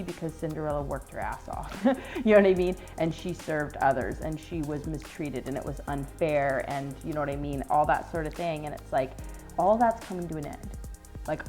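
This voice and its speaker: A woman's voice: on the low side, darkish tone. A woman giving a casual tarot reading to viewers, rambling and earnest, full of "like" and casual swearing. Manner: earnest and emotional. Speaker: tarot reader.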